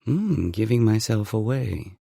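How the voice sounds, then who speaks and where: A man reading an audiobook, voicing a playful, teasing woman with a dry, deadpan wit. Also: on the low side, measured pace, vocal fry, slightly rough, no room sound, voice pushed up, exaggerated voice.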